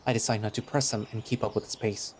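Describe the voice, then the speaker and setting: A man's voice: on the low side, fairly even intonation, fast, a little hiss or hum. A man narrating a visual novel in the first person, in a casual, chatty way that turns hesitant in dialogue.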